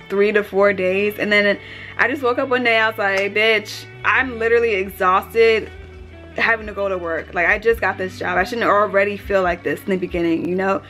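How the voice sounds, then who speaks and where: A young woman in her twenties, telling a workplace story in a casual vlog, swearing freely and acting out what other people said. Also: medium pitch. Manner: animated, swears often, acts out other people's lines. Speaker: vlogger.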